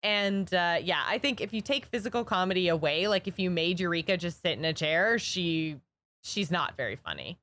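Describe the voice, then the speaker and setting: A woman's voice: on the low side, lively intonation, moderate pace, a bit bright. A woman chatting casually as co-host, reviewing a show, with lots of "like" and acted-out quotes. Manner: chatty, many likes, acts out quotes. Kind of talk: casual podcast chat.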